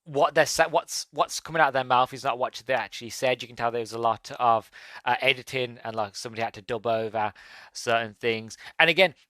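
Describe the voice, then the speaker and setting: A man's voice: mid-range voice, fairly quick, a bit bright, no room sound. A man hosting a podcast, casually reviewing a movie in an enthusiastic, rambling way with lots of fillers. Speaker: podcast host.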